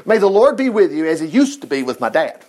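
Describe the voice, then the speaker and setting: A man's voice: fairly high pitch, very animated, fast talker, a little mellow. A man voicing a loyal young prince. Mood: earnest. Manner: earnest, protective, eager.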